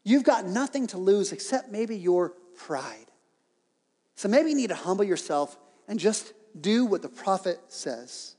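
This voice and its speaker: A man delivers a sermon, retelling a story in an animated way and dropping in jokes. His voice sits high for a man. A long reverb trails behind him, as in a large hall. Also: unhurried. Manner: lively storytelling with joking asides. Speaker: preacher.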